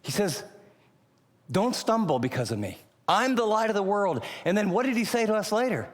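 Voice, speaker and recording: A man preaching a sermon, emphatic, asking rhetorical questions and moving between loud and hushed delivery. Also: sits high, very animated, moderate pace, in a large hall. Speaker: pastor.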